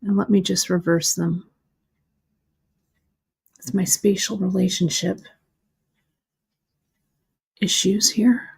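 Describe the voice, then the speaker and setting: A woman's voice: medium pitch, fairly even intonation, slow pace, vocal fry, pauses often, slightly rough. A middle-aged woman demonstrating beadwork live, chatty and self-deprecating as she talks through her own mistakes while she works. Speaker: beading instructor.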